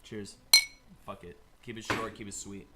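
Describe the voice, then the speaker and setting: A man's voice: fairly low pitch, flat delivery, unhurried, background noise. A man hosting a casual live-streamed chat, rambling and swearing freely. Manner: profane, rambling, shifts into loud bits. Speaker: host.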